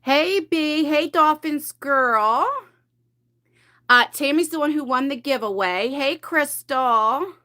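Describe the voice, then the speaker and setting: A woman's voice sits high, pushed and bright, and she takes things slowly as she livestreams from home in her pajamas. It's a casual, rambling beauty chat while she declutters makeup, full of laughter, and she's a bit out of breath after lugging heavy boxes.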